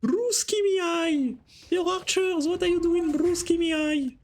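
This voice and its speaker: A man putting on a high woman's voice, imitating a fellow game caster who teases a player in a slow, squeaky call. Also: full character voice. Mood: teasing.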